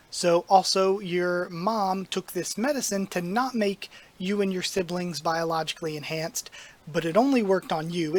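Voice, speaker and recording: A channel host giving a casual spoken review, slightly hoarse from losing their voice, rambling and conversational with lots of "like" and "um". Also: medium pitch. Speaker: YouTube channel host reviewing manga chapters.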